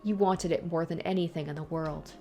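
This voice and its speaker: Mocking ghost of a dead tyrant, sneering and slow, woman doing the voice, lowish tone, faint music behind. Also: steady tone, mellow. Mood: taunting. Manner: sneering, taunting, slow and menacing. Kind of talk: reading a visual novel aloud.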